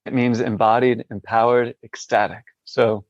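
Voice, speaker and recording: Guy in a hospital, slow and thoughtful, flat voice, dry close sound. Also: medium pitch, no room sound, dull audio. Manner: reflective, hesitant, many fillers. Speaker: podcast guest. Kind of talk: interview conversation. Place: hospital room.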